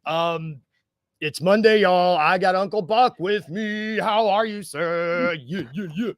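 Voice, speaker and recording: A man's voice: high voice, takes it slowly, no room sound. A man from the United States hosting a casual sports podcast, joking and rambling with lots of fillers and restarts. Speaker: podcast host.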